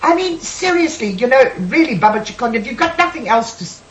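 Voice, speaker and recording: A woman's voice: on the high side, very animated, fast talker, echoey room, poor audio. Sassy, emphatic woman on a radio panel. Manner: sassy, emphatic, calls people sweetheart. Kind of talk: heated radio panel talk.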